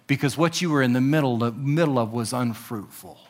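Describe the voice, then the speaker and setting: A man preaching a sermon, animated, acting out quotes with exclamations and dropping to slow, soft emphasis on key lines. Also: medium pitch. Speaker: pastor.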